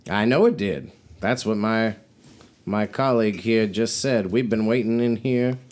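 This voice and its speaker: A man voicing a gruff, folksy woman caravan trader who drawls and grumbles. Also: fairly low pitch, a little slow, a little mellow, close to an everyday voice. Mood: wary.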